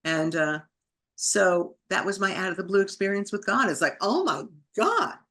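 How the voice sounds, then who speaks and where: A woman's voice: mid-range voice, steady tone, moderate pace, a bit bright. A woman, a podcast guest, telling a personal story vividly, acting out her inner thoughts in an emotional way.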